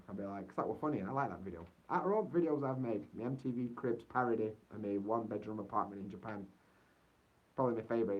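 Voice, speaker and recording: A young man from Yorkshire with an English accent, chatting casually on a livestream in a rambling, easygoing way. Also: husky. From Yorkshire, England. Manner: rambling and easygoing, full of fillers like "so yeah". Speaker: vlogger living in Japan. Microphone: poor-quality mic. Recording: dull, muffled low-quality mic.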